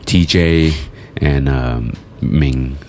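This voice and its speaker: A man's voice: low voice, lively intonation, unhurried, slight background noise. A man chatting casually on a podcast, laughing often and swearing loosely.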